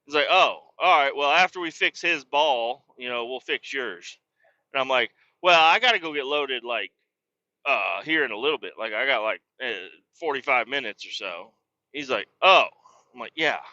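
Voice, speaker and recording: A man's voice: mid-range voice, expressive, normal speed, bright, forceful tone, no echo, highs cut off. A man, a truck driver, hosting a podcast and telling a rambling story in casual, profane talk, raising his voice when he quotes people.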